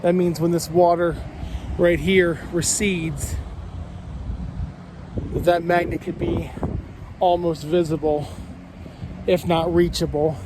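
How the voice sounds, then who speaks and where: Excitable man vlogging outdoors, noisy. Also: on the high side. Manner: excitable, exclaims and talks to viewers as "you guys". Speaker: magnet fishing vlogger. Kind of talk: casual vlog talk to camera. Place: outdoors by flooded water in a park. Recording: outdoor noise with passing cars.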